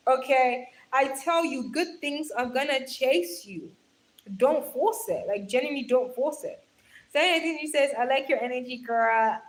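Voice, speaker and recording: A woman's voice: sits high, normal speed, rough recording. Chatty young woman hosting a livestream. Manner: chatty, affectionate, calls viewers darling, laughs often. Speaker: livestream host. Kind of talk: casual livestream chat reading comments. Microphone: phone held in hand.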